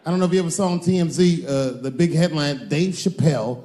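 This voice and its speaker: A man performing profane stand-up comedy on stage, acting out stories with shouted sound effects. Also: on the high side, quick pace. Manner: profane, animated, full of acted-out sound effects. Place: stage in a large hall. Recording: echoey hall, faint noise.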